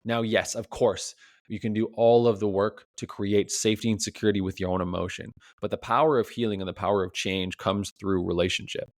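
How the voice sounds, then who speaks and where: A man's voice: on the low side, fairly even intonation, fairly quick, no echo, clean studio sound. A man as a relationship coach, giving a reflective solo podcast talk full of rhetorical questions, often tagged with "right?".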